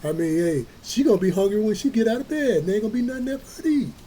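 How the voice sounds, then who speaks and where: A man reading a children's story aloud, slow and folksy, with playful chatty asides. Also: sits high, animated, warm tone, slight background noise, poor audio. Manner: slow, folksy, adds playful comments to listeners.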